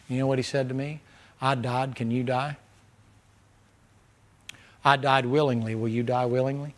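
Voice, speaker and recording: A man preaching in a folksy, down-home way. His voice sits in a middle pitch, and he swings from loud emphasis to hushed, close moments. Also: little pitch movement, normal speed, pauses often. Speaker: pastor. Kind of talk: sermon.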